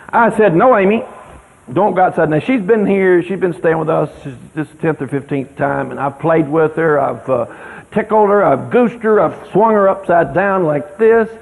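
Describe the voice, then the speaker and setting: An older man telling folksy stories with emphatic, sudden loud exclamations, heard on a tinny radio recording with long reverb. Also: fairly high pitch. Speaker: speaker on child rearing. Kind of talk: storytelling talk.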